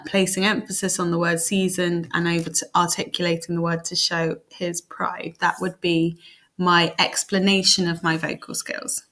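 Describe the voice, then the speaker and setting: A woman's voice: lowish voice, a bit bright. Methodical British woman teaching drama. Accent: British English. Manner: methodical, explains step by step. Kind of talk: exam technique lesson.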